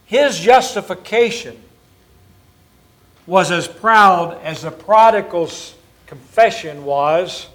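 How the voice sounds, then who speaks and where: A man preaching in a church, his voice sitting high for a man. He drives his points home with emphasis and keeps turning to his listeners to make sure they follow. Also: takes it slowly, long pauses, fairly bright tone. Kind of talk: sermon.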